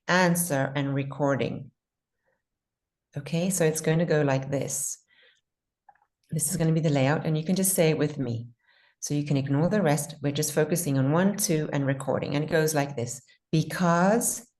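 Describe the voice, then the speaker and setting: A woman teaching pronunciation in an online class, patiently modeling words slowly and repeating them. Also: low-pitched, darkish tone.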